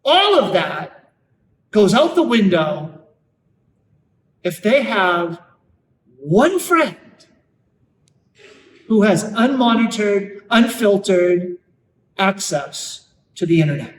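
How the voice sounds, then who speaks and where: A man with a fairly high voice gives an earnest live talk to a room of parents, leaning hard on his key points and drawing them out slowly. He sounds a little distant from the mic, and his voice rings in a big echoey hall with a faint murmur of room noise underneath. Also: big pitch swings. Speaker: Catholic speaker on parenting.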